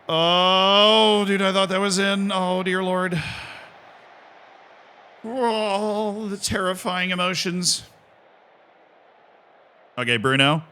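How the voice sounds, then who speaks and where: A man streaming a football management game, swinging between low muttering and shouted play-by-play commentary. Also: takes it slowly, pauses often, slight background noise. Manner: bursts into shouted play-by-play, then mutters to himself.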